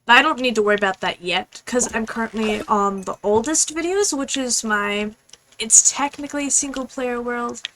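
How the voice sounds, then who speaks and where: Bright-voiced young woman streamer rambling. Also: on the high side, slight background noise, rough recording. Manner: rambling, apologetic, talks fast. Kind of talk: casual gaming stream chat.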